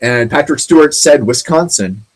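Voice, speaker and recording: A man hosting his own web show, reading out odd news stories in a rambling, halting way, with many ums and sarcastic asides. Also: mid-range voice, expressive, rough recording. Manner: sarcastic, jokey remarks on the stories.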